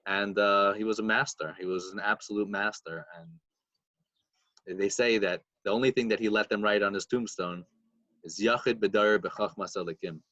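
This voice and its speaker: A man's voice: fairly low pitch, fairly even intonation, normal speed, bright, forceful tone, dry recording, highs cut off. A man co-hosting a podcast, retelling stories in casual chat and mixing in Hebrew and Yiddish terms. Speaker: podcast co-host.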